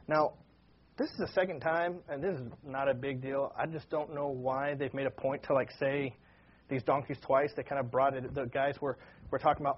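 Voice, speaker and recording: A man's voice: medium pitch, fairly even intonation, a little fast, husky, muffled recording. A man preaching a casual sermon to his congregation, talking conversationally with frequent asides. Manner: conversational, with many fillers and asides. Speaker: pastor.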